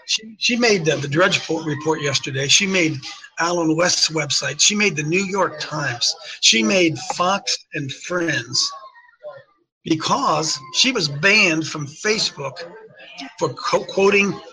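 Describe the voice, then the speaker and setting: A man hosting an opinionated talk show, speaking in a slightly raised register with a bright, forceful edge. He hammers his points by repeating them and throws rhetorical questions at his audience. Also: a little high, animated, slow, low-quality recording. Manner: emphatic, repeats phrases, fires rhetorical questions. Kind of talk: opinionated talk radio commentary.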